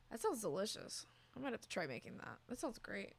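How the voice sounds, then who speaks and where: A woman's voice: mid-range voice, sing-song, fairly quick, creaky, breathy edge. A young woman streaming, chatting casually with her viewers and cooing over her cat. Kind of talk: casual chat with chat.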